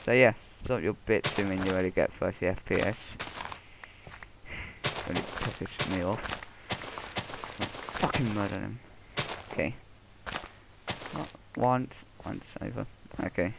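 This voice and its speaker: A Let's Play gamer narrates his own gameplay in casual commentary, muttering to himself, swearing, and breaking into quick outbursts. His voice is fairly low and creaky, heard through a muffled headset mic with faint noise.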